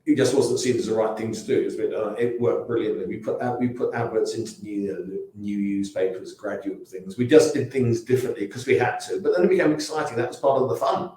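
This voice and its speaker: A man's voice: on the low side, quick pace, hardly any pauses, warm tone. A man in his sixties with an English accent, a company founder telling rambling anecdotes in a casual interview, with restarts and asides. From England. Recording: very echoey room.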